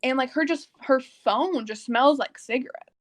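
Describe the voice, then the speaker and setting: Young woman, from Texas, podcast co-host, casual rambling chat, slightly high voice. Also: moderate pace. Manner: rambling, filler-heavy, laughing.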